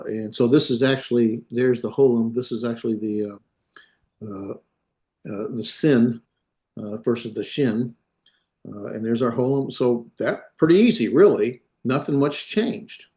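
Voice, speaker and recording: Male instructor, mid pitch, halting delivery full of fillers, classroom lecture. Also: dark tone. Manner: halting, many fillers and self-corrections.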